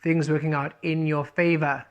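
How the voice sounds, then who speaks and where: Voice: mid-range voice, flat delivery, normal speed, clear, resonant tone, dull audio. Earnest, repetitive spiritual tarot reader. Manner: often relays messages as quoted speech. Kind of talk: spiritual tarot reading monologue.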